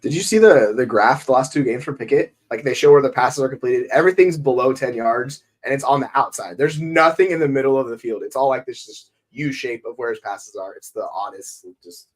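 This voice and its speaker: A man's voice: medium pitch, fairly quick, few pauses. A man co-hosting a fantasy football podcast in casual chat, telling stories animatedly and acting out the people he quotes. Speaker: co-host.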